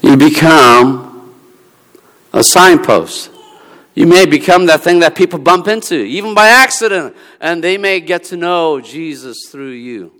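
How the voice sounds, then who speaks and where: A pastor tells stories from the pulpit in a chatty sermon and slips into the voices of the people in them. His voice is fairly high and bright, and a long reverb rings around him in a large church hall. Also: animated, a little slow. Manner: conversational storytelling, acting out dialogue.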